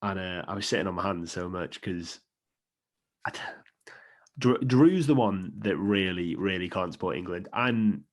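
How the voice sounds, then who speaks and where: A young Welsh man with a Welsh accent, co-hosting a sports podcast in casual, animated chat. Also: deep voice, moderate pace. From Wales. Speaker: podcast co-host.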